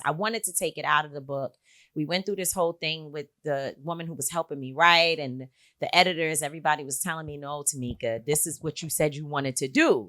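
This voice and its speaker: A middle-aged woman speaking as an interview guest. She tells personal stories frankly and earnestly, with a slightly low voice. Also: pushed and bright. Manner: earnest, frank, with frequent filler words. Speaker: guest, activist and author. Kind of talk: candid personal storytelling.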